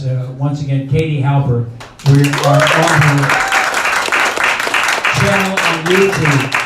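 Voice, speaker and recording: Older man, rambling emcee, slightly high voice, far from the mic over a crowd. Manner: rambling, chatty, many fillers. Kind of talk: live event hosting. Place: indoor bar venue. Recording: echoey room from far off with crowd noise.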